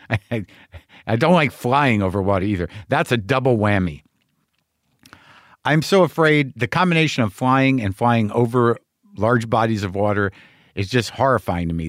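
A man's voice: lowish voice, no echo. Podcast guy rambling candidly, swears here and there, dry close sound. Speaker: podcast host. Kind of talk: casual monologue.

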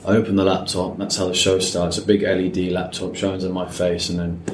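A young man with a lowish voice chats as a podcast guest and tells animated stage stories full of ums. His voice bounces around a roomy, echoey space. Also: a little fast, noisy background. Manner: animated storyteller, many ums. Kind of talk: casual chat. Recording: roomy echo.

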